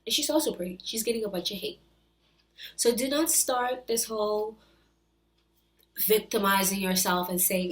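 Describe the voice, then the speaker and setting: A woman's voice: mid-range voice, moderate pace, pauses often. A woman in her twenties hosting a reaction video, scolding and exasperated as she rants. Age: 20s. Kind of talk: ranting reaction commentary.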